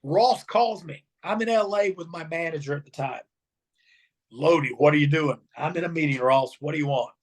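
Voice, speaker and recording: Here a middle-aged man who used to wrestle shares stories in an interview, talking a little fast with few pauses. His pitch is fairly high, and he brings the tales to life by voicing the characters' quotes.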